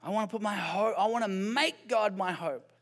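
A high-pitched male pastor delivers a sermon. His tone is conversational and he keeps putting rhetorical questions to the congregation, with light self-deprecating humor mixed in. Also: normal speed.

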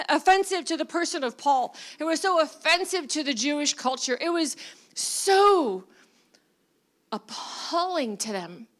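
A woman's voice: high-pitched, a bit bright. A woman preaching a sermon in a conversational way, with fillers and laughs, rising to emphatic bursts.

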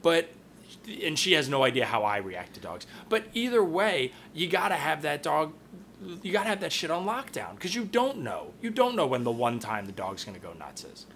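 A young man, a podcast co-host, chatting casually in a blunt, profane, animated way. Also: on the high side, normal speed, slight background noise.

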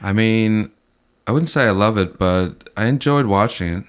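A man's voice: on the low side, normal speed, clear, resonant tone. A man co-hosting a podcast, making laid-back, dry remarks in casual chat. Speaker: podcast co-host.

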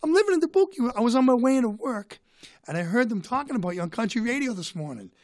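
A man putting on the voice of an excited young male tour guide. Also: high voice, racing, no room sound, clean studio sound, pitched above the performer's own voice.

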